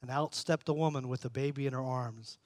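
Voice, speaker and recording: A pastor reading a story aloud and preaching a sermon, measured and earnest, slowing and softening for emphasis. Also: male voice, mid-range voice, dry recording.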